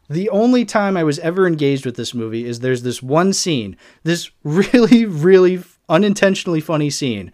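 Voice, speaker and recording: A young man hosting a casual solo podcast, reviewing a film in an exasperated, sarcastic ramble full of fillers. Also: fairly high pitch. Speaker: podcast host.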